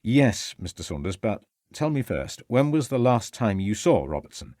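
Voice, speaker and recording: A man's voice: fairly low pitch, sing-song, dark tone, no room sound, studio quality. A man voicing a determined male police inspector who speaks firmly and assertively. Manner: firm, assertive, measured.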